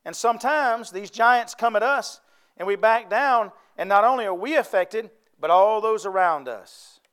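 A man's voice: sits high, moderate pace, a bit bright, clear, resonant tone. A man preaching a sermon, folksy and conversational, often asking the congregation to answer back.

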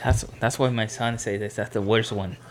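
A man chatting on a podcast, speaking in halting, broken phrases. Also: on the low side, fairly even intonation. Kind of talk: casual chat.

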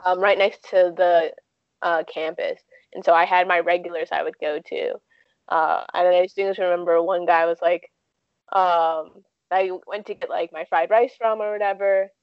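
A woman's voice: lowish voice, fairly even intonation, moderate pace, no room sound. Young woman, casual storyteller, filler-heavy chat, dull dry recording. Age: 20s. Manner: chatty, frequent "like" and "um" fillers. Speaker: guest.

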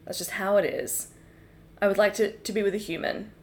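A woman's voice: medium pitch, fairly even intonation, fairly quick, a little mellow, slight background noise, natural voice. A woman playing a naive young city girl in improvised comedy, earnest and a little sheepish. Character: naive young city girl before her first kiss.

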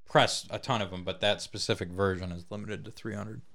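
A man's voice: on the low side, fairly even intonation, fairly quick, creaky, a bit bright. A man co-hosting a podcast in casual banter, joking, laughing often and swearing freely. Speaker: podcast co-host.

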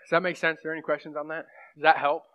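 A young pastor teaches a class on prophecy in a rambling, conversational sermon style, full of fillers and asides to the room. His voice is on the high side, fairly bright and clean, delivered flat and rapid-fire. The recording is muffled and lo-fi.

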